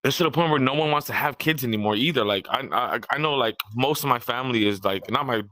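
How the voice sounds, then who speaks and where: A man's voice: medium pitch, quick pace, sharp tone, dry recording. A young man from California co-hosting a podcast, rambling in casual chat, swearing freely and often restarting his sentences. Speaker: podcast co-host.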